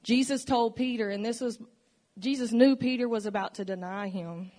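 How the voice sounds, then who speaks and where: A woman's voice: medium pitch, steady tone, moderate pace, warm tone. A woman giving a personal testimony in a church, speaking earnestly and reflectively about her faith and struggles. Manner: earnest, emotional, reflective storytelling. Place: church sanctuary.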